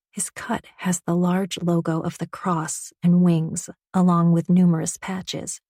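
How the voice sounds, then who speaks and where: Female romance audiobook narrator: unhurried, low-pitched, husky and gravelly, slipping into breathy near-whispers. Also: dark tone, no room sound, studio quality. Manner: intimate, often dropping to a breathy near-whisper.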